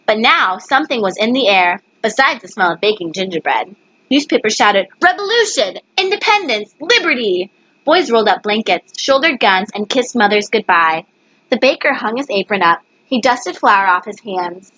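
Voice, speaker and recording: A woman's voice: mid-range voice, expressive, moderate pace, a bit bright, no echo. Woman, storybook reading, stumbles and self-corrects, webcam, dry, muffled. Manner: stumbles over words and corrects herself. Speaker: reader. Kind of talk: reading a picture book aloud.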